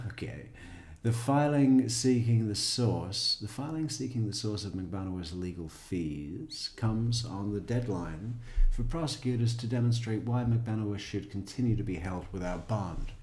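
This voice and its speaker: Low-voiced guy reading out crime news w sarcastic little asides, roomy echo. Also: a little slow, a little mellow. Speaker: true crime commentator. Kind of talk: reading news aloud with commentary.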